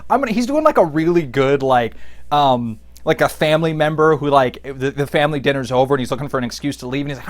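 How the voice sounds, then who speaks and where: Man, young adult, sarcastic, rambling comic recap, bouncy animated pitch. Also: fast. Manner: sarcastic, rambling, jumps into goofy character voices. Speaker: podcast host recapping a comic. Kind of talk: comedic recap with acted-out voices.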